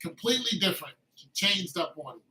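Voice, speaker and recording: A man delivering a casual, emphatic monologue of relationship advice, repeating his points and flaring up into shouting. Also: sits high, sing-song, fast talker, rough recording.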